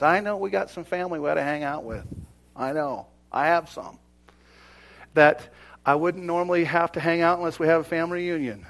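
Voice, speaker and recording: In a conversational sermon, a middle-aged pastor alternates between near whispers and loud exclamations. His male voice is on the high side.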